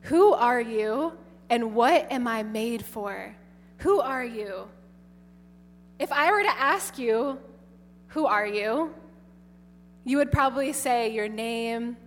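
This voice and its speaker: A woman's voice: a little high, expressive, slow pace, long pauses. A nun with a New York accent giving a faith talk to young people, telling stories with energy and repeating her key phrases. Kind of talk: faith talk to high schoolers. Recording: echoey hall with faint hum.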